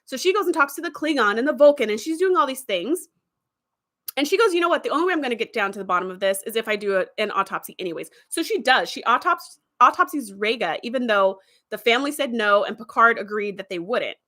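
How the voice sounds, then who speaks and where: A woman hosting a show, casually retelling an episode in a chatty, animated way with plenty of fillers. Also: on the high side, fast. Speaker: host.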